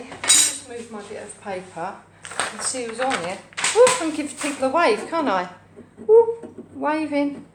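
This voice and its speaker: Chatty lady cooking on a live stream, kinda high voice, sounds a bit far off in an echoey kitchen. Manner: rambling, cheerful, talks to her pets and viewers. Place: home kitchen, indoors. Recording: echoey kitchen, from a distance, faint hum.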